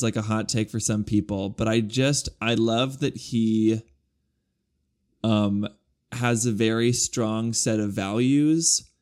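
A man's voice: mid-range voice, darkish tone. A young man co-hosting a podcast, chatting casually and filling his talk with "like". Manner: chatty, peppered with "like". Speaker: podcast co-host.

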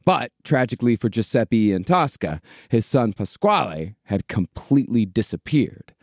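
A man with a mid-range voice, narrating a historical tragedy for a podcast in a steady, measured way. The sound is dry and close, with little room around it. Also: mid-range voice, no room sound. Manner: measured storyteller with casual swearing. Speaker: podcast host.

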